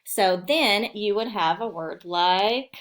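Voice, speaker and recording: A woman teacher talks young children through a phonics lesson recorded for home learning. She speaks slowly and clearly and stretches out the sounds in each word. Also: medium pitch. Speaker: elementary school teacher.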